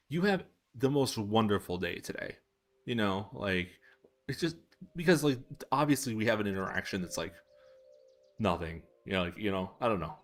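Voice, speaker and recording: A young man chatting casually on a live stream while coding, telling stories with a self-amused, animated manner. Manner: animated, self-amused storyteller with laughs and squeaky pitch jumps. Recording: faint music behind.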